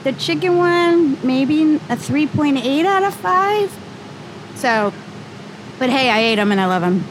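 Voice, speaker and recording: An upbeat woman chatting on a food show, quick and cheerful as she hands out ratings. Her voice is noticeably high. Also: animated, background noise. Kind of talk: casual chat.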